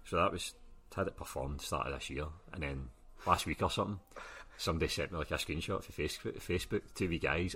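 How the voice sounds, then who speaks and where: A man's voice: very deep voice, bright, forceful tone, breathy edge. A young Glaswegian man, an author guest, chatting casually on a podcast and swearing freely, often laughing and acting out what other people said. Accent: Glaswegian Scottish. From Scotland. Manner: swears a lot, quick and laughing, acts out quoted people.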